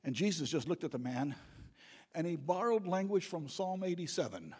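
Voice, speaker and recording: A male pastor delivers a sermon from the front of a church sanctuary. His voice is slightly husky and sits a little high. It swells into booming, emphatic calls, and long hall reverb trails behind every phrase. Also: lively intonation, normal speed, darkish tone. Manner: preaching with rising, booming emphasis.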